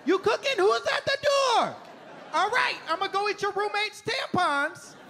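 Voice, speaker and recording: A man voicing an excitable, simple-minded female pet dog in a stand-up bit, yelping the same question over and over. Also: extremely high pitch, moderate pace, a faint crowd, a little hiss or hum, voice pushed up, exaggerated voice. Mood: frantic excitement. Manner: yelping, excited, repeats itself.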